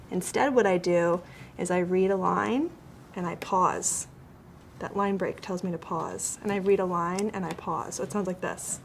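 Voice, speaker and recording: A woman teacher gently coaching a child one-on-one on his writing, explaining step by step and encouraging him. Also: fairly low pitch, normal speed, gravelly, a little hiss or hum.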